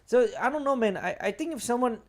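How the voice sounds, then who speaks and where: A man's voice: very high voice, animated, fast. A man co-hosting a casual podcast chat, rambling and filling his sentences with "like" and "you know.". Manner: rambling, leans heavily on filler "like" and "you know". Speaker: podcast co-host.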